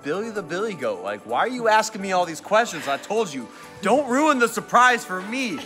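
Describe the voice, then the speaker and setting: A young man talking excitedly about a surprise, swearing freely and retelling conversations. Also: high voice, normal speed, soft background music. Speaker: friend's boyfriend.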